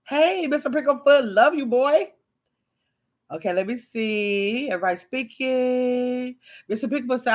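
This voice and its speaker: Woman on a livestream just talking w her chat, reads comments out, rambly, gets all excited sometimes. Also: a little high. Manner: chatty, reads viewer comments aloud, talks to chat directly; rambling and conversational, with sudden excited bursts. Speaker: livestream host.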